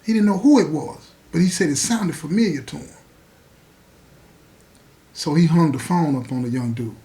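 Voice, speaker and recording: A male podcast host with a high voice. He tells the story in a folksy, conversational way and keeps checking in with his listeners as he goes. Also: moderate pace, dark tone. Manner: folksy, repeats "you know what I'm saying".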